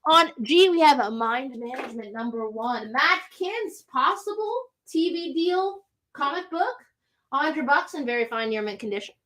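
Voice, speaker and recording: Bright, high-voiced woman hosting a sale. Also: lively intonation. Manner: brisk, chatty item rundown. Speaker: host of a live comic sales show. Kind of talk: live sales pitch. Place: comic shop.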